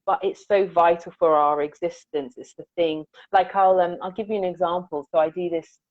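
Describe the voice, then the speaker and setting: A woman's voice: fairly low pitch, fairly even intonation, normal speed, dry recording. A woman musician being interviewed, talking earnestly and reflectively about her work and telling stories. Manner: reflective, earnest, acts out quoted lines. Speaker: musician guest. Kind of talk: conversational interview storytelling. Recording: dull, dry lo-fi audio.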